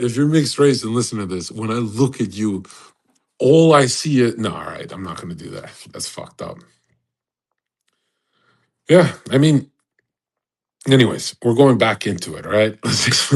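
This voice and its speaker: A man talking in a profane, rambling monologue to listeners in a live audio room, swinging between loud bursts and low asides. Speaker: online personality hosting a live audio space. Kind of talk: casual monologue. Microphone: phone or desk mic in a live audio room.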